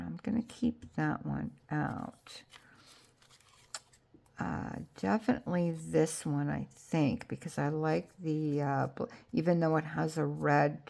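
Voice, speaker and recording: A woman hosting a crafting vlog, chatting excitedly to viewers about her projects and apologizing with a laugh when she bumps the camera. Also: low voice, gravelly. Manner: gushing, excitable, talks to viewers while handling crafts; self-deprecating, apologetic asides. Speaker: crafting channel host. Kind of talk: casual crafting vlog chat.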